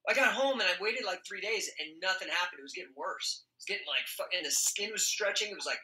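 A man's voice: high voice, quick pace. A middle-aged man telling a story in casual talk, swearing constantly and laughing as he goes. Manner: profane, animated, laughs often. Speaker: podcast guest. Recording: roomy echo.

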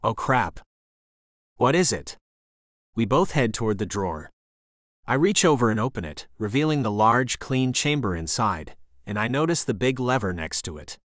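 A male audiobook narrator reads a romance thriller in the first person with lively, expressive pitch. His delivery is dramatic, and the recording is dry and close-miked. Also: normal speed, dry recording.

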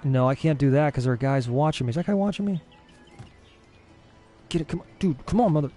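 A young man giving casual let's-play commentary as a gaming streamer, excitable and easily frustrated. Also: fairly high pitch, a little fast, faint music behind. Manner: excitable, frustrated, swears mildly.

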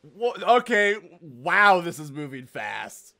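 A man streaming a video game, giving excitable, jokey commentary and swearing often. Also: a little high, slow pace, vocal fry, no echo. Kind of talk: casual gaming commentary.

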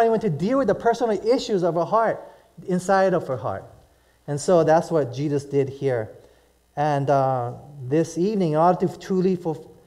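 A man's voice: on the high side, mellow. A middle-aged man from Hawaii preaching a sermon in a casual, conversational way, often putting questions to his listeners. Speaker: pastor.

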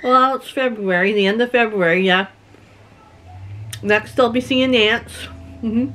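Slow, chatty woman vlogging from home. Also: fairly high pitch, fairly bright tone, faint music behind. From Canada. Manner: chatty, storytelling, laughs often. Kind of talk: casual chat to camera. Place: home, rural.

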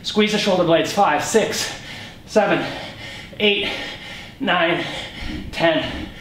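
A man's voice: high voice, very slow, a bit bright, roomy sound, a little hiss or hum. A male fitness instructor coaching a home workout, counting reps aloud and calling out short commands.

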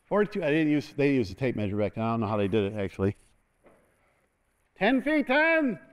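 A man preaching an energetic sermon as pastor in a church, calling for responses and laughing often. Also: on the low side, very fast, clean tone.

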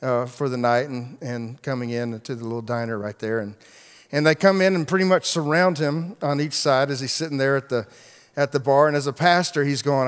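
A pastor tells a story during a sermon, acting out the voices of its characters and often restarting his sentences. His voice is mid-range, brisk and smooth, with the long reverb of a large hall.

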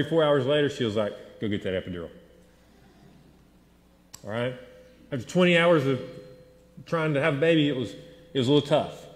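A man in his thirties preaching a sermon, telling stories with animated swings between loud and hushed delivery. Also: a little high. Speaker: pastor. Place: large church sanctuary. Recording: echoey hall with long reverb.

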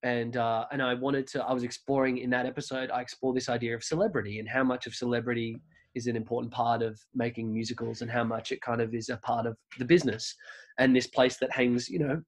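Speaking fast at a medium pitch and in a level tone, an Australian-accented man rambles through his stories. He is a podcast creator from Australia guesting on a casual interview chat, and he restarts many times.

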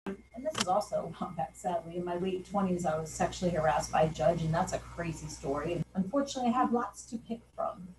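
A woman's voice: on the low side, fast, far from the mic. A woman in her fifties tells her own story plainly, a professor who acts out the lines she quotes. She sits some way from the mic. The room is echoey, with a faint hum of background noise. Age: 50s. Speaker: sociology professor. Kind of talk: personal testimony.

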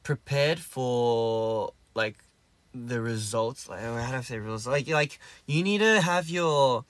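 A man's voice: mid-range voice, slow pace, fairly bright tone, dry recording. Aussie guy in his 20s rambling thru live stream comments, lots of um and like, super dry close mic. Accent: Australian. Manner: rambling, loose and easygoing, many fillers and restarts. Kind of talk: casual live-stream chat answering comments.

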